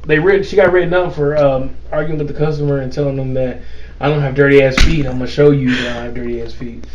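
A fast-talking man with a mid-range, fairly even voice hosts a casual chat, telling a story in a loose, laughing way and playacting the quotes of the people in it. The lo-fi recording has faint noise, and he sits set back from the mic.

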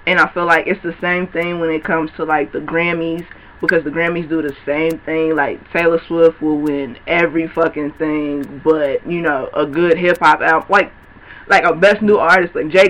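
A man co-hosting a casual podcast chat, animated and profane, acting out quotes as he talks. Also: fairly high pitch, moderate pace, low-quality recording. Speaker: podcast co-host.

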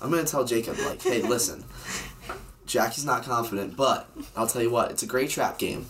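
A young man co-hosting a casual sports podcast, needling his co-host with sarcastic, rapid-fire banter. His voice sits at an ordinary pitch, with a faint hiss of noise behind it. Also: fairly bright tone.

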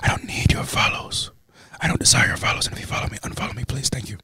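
A podcast co-host whispering in ASMR style, reading slowly and deadpan into a close mic. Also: male voice, medium pitch.

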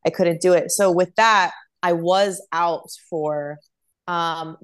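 A young woman with a slightly low voice tells her stories in a lively, chatty way. She talks casually as an interview guest, looking back on life as a dancer on tour. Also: slow pace. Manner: chatty, animated storytelling.

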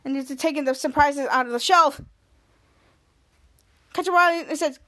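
A woman's voice: high voice, moderate pace, pauses often, fairly bright tone. A woman hosting a podcast, retelling a TV episode scene by scene and acting out the characters' lines in a raised voice. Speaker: podcast host. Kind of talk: recapping a TV episode.

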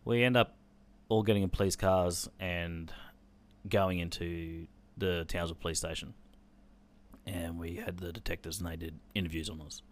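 A man's voice: sits low, fairly even intonation, normal speed. An Australian man telling a personal story in an intense, blunt way, swearing freely.

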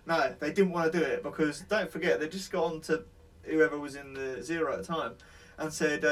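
A man's voice: a little high, fairly even intonation, brisk, a bit bright. A man telling rambling, sweary war stories in casual chat, laughing as he goes.

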